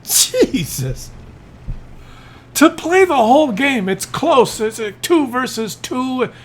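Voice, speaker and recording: A man's voice: very high voice, very animated, takes it slowly. A man giving exasperated, incredulous commentary over a game replay. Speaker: gameplay commentator.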